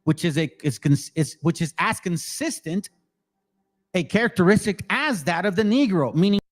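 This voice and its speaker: A man's voice: high-pitched, lively intonation, moderate pace. A man hosting his channel, giving angry, profane commentary on videos he plays. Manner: profane, heated, ranting. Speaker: channel host.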